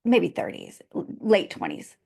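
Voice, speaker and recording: A woman hosting a podcast, her voice in a middle range. She tells personal stories in a lively, chatty way and often jumps in with quick, encouraging agreement. Her delivery is casual and conversational. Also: medium pitch, vocal fry, husky. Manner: lively personal storytelling, frequent agreeing interjections. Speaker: podcast host.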